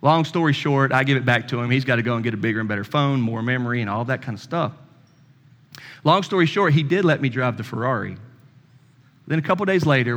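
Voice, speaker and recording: A pastor in his thirties tells a personal story from the pulpit in a folksy, conversational way. He acts out the other person's lines as he goes. His mid-pitched voice rings out with the long reverb of a church hall. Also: fairly bright tone. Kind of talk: sermon with storytelling.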